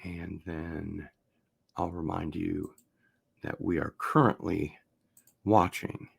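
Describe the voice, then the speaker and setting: A man with a low, gravelly voice full of fry hosts a laid-back unboxing stream. He talks slowly and meanders while opening packages, drawing out his words and chatting to his audience as he goes. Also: level tone. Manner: rambling, drawn-out, talks things over while opening packages. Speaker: vinyl record unboxing host. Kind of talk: casual livestream unboxing chat.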